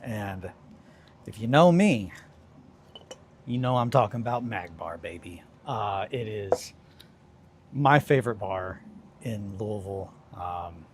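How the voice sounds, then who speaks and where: A young man streaming a casual chat, telling rambling stories with lots of swearing and sudden bursts of excitement. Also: lowish voice, slow, pauses often, a little hiss or hum.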